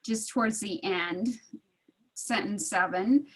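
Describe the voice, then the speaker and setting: A woman's voice: mid-range voice, slow pace, slightly rough. A middle-aged woman chatting casually on a video call, laughing often and acting out the voices in a story. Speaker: study group participant. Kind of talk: casual storytelling in an online group.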